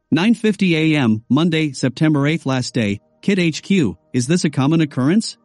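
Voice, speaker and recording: A man's voice: a little high, darkish tone, no echo. A man narrating a first-person audiobook story in a wry, conversational way.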